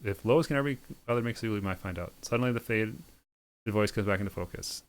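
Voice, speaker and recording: Fast, smooth-voiced man reading a game deadpan. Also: lowish voice. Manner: sardonic, quick deadpan delivery with snarky asides. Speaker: game streamer reading a visual novel aloud. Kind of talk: reading game text aloud with comic asides.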